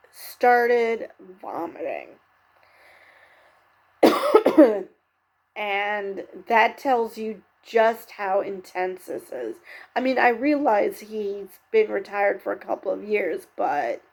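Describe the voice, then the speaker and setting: A woman's voice: mid-range voice, darkish tone. A woman recapping and reviewing a TV show episode in a candid, chatty way, with lots of fillers and self-corrections. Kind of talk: casual spoken recap and commentary.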